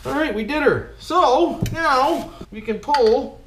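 A man's voice: extremely high pitch, takes it slowly. A man giving casual, jokey commentary while he rebuilds an engine, talking to himself and calling his viewers "boys". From Canada. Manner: talks to himself while working. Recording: echoey room with background noise.

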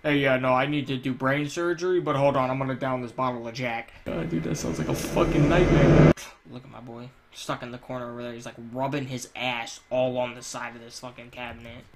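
A man talks over his gameplay in a loose, foul-mouthed running commentary, swinging between crude jokes and heated rants. His voice sits at a middle pitch, with a faint hum of noise behind him. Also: fairly even intonation, brisk. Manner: profane, ranting and crude joking. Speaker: gamer. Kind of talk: let's play commentary.

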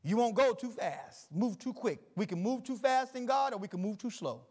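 A middle-aged male pastor preaching a sermon, reading scripture slowly and building emphasis through repetition. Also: high voice, lively intonation, darkish tone.

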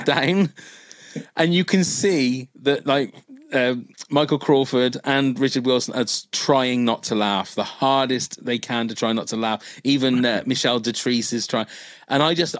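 A British man hosting a casual podcast, recounting scenes and laughing easily as he goes. His voice sits in a middle pitch. The sound is dry and close, with no room around it. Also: dry recording. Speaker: podcast host. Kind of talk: casual chat.

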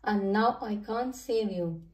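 A woman voicing an eager young male rescue fire engine in a storybook, loud and hurried. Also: mid-range voice, lightly acted. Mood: apologetic. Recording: roomy, from a distance.

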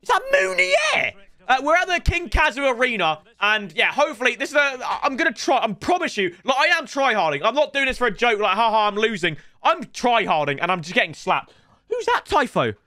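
Lively, bright-voiced gaming lad. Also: male voice, extremely high pitch, brisk, no room sound. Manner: sweary, excitable banter addressed to viewers. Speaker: gaming streamer. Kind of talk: live gameplay commentary.

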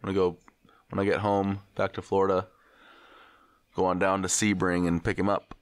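Low-voiced laid-back male co-host. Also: completely flat delivery, brisk, clear, resonant tone, no echo. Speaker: podcast co-host. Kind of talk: casual crude podcast banter.

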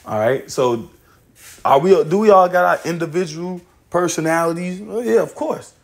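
A man's voice: high-pitched, normal speed. A man teaching scripture in a loose, casual way, swearing and laughing often as he reads verses aloud.

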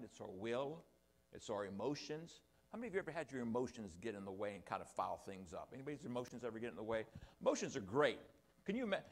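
An older man preaching a sermon to his congregation, with rambling, self-deprecating asides. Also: medium pitch. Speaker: pastor. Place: church sanctuary.

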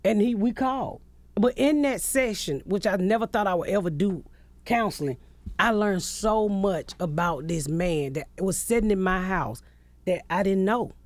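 A woman's voice: mid-range voice, normal speed, no room sound. A middle-aged woman comedian telling candid stories in a radio studio interview, blunt and profane. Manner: blunt, profane, animated storytelling. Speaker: comedian guest. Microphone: studio mic.

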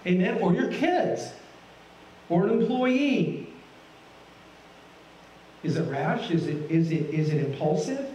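A man's voice: high voice, expressive, slow pace, long pauses, warm tone, highs cut off, a little hiss or hum. A middle-aged man preaching a sermon as a guest pastor, folksy and asking the congregation many questions. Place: church sanctuary. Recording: roomy, from a distance.

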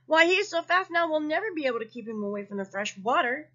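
A woman's voice: high-pitched, expressive, fast, bright, forceful tone. A grumbling storybook rattlesnake with a gloomy complaint, as a woman reads it in her own voice. The voice rises and falls freely. The recording is dull and lo-fi.

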